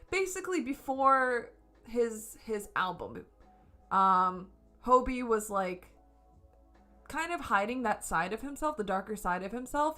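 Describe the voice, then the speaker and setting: A woman's voice: mid-range voice, pushed and bright. A woman streaming from home, reviewing a concert in a casual, gushing way and swearing freely. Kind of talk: casual excited review chat. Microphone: camera setup at home.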